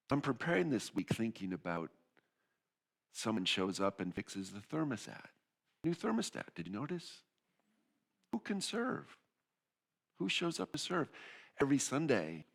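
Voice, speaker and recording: A man giving a sermon as pastor, speaking casually, repeating key phrases for emphasis and briefly acting out the voices of people in the stories. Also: medium pitch.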